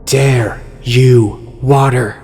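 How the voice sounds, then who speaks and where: A man's voice: medium pitch, fairly even intonation, drawn-out words, a little mellow, soft background music. A man voicing a cruel inhuman entity living inside someone's ear, speaking in broken one- and two-word fragments, cold and taunting. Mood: screaming.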